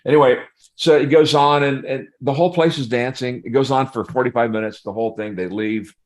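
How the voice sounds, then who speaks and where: A man's voice: medium pitch, fairly quick. An older man, a pastor and guest, telling humorous stories in a casual interview, laughing often and acting out what people said.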